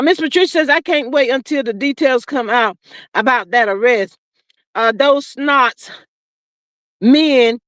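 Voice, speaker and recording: A woman's voice: high voice, a bit bright, no echo. A woman in her fifties hosting a casual live-stream talk show, chatting and reading viewer comments aloud.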